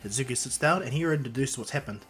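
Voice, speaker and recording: A man's voice: medium pitch, fast talker, fairly bright tone, faint music behind. Man rambling through a fan story. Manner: rambling, with restarts and "and he goes". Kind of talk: casual retelling of a fan story.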